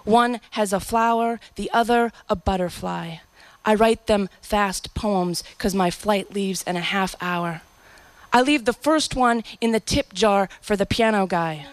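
A woman's voice: medium pitch, unhurried, no echo. A woman performing a spoken-word story in a reflective, poetic and emotional way.

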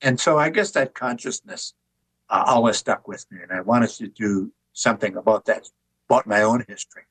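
An older man, an author and artist, telling relaxed anecdotes with wry humor in an interview. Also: fairly low pitch, moderate pace, breathy edge, dry recording, low-quality recording. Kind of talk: conversational interview storytelling.

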